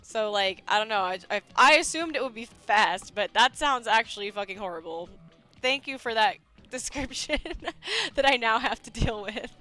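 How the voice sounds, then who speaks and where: A woman's voice: a little high, expressive, moderate pace, bright, forceful tone, soft background music. A young woman streaming live, chatting casually and giggling often while she plays a game.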